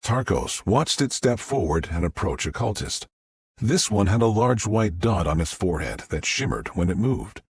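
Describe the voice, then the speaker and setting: Brief: male narrator, low husky voice, expressive pitch, dry booth sound. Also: normal speed. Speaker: audiobook narrator. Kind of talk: scripted narration.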